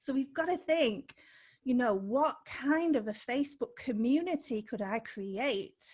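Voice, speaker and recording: A woman business coach, a guest on a podcast interview, talking unscripted in an upbeat way, laughing between points and stressing key words. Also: on the high side.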